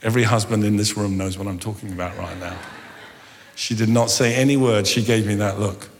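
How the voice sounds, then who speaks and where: A middle-aged man preaching a humorous sermon, animated and telling stories with acted-out dialogue. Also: fairly low pitch, fairly quick, slight background noise. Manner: animated, jokey, acts out dialogue. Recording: long hall reverb.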